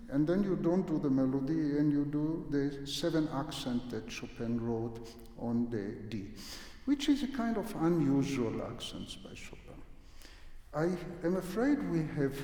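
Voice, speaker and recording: A man's voice: fairly high pitch, mellow. A man teaching a piano master class in a concert hall, coaching a young pianist with vivid images and humming phrases to show how they should go. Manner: sings and hums phrases to demonstrate; uses vivid imagery to explain the music.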